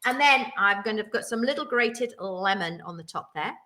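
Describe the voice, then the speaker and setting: A woman with a mid-range, expressive voice chats at a normal pace while a crowd murmurs behind her. She co-hosts a gin cocktail livestream, mixing drinks and rambling in a bubbly, self-mocking way.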